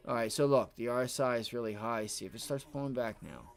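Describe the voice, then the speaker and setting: A man streaming live from home, giving excitable, profane trading commentary while talking to himself and his viewers. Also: medium pitch, quick pace, creaky, faint music behind. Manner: excitable, swears, talks to himself and chat. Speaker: livestream day trader.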